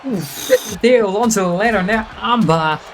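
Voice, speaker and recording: A man doing live play-by-play wrestling commentary, reacting with quick gasps and exclamations. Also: high-pitched, slight background noise, poor audio.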